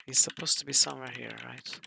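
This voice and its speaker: A man's voice: medium pitch, steady tone, fast talker, creaky, background noise. A man streaming a role-playing game, thinking aloud and reading the story text as he plays.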